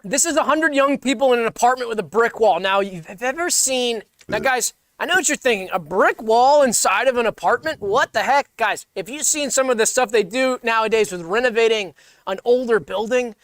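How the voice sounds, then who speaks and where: Co-host, male, very high pitch; meandering pitcher, restarts a lot, dead-dry mic. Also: fairly quick, a bit bright, dry recording. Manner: meandering, restarts often, acts out bits. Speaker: comedy podcast co-host pitching sketches. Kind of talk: rambling casual brainstorming.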